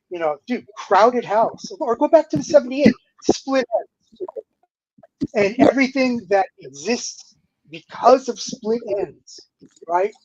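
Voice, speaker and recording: A man around sixty, a guest musician telling stories in a casual interview, animated and laid-back, with lots of "dude" and "you know". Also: sits high, vocal fry, no room sound. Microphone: remote streaming call. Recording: dull, slightly lo-fi dry audio.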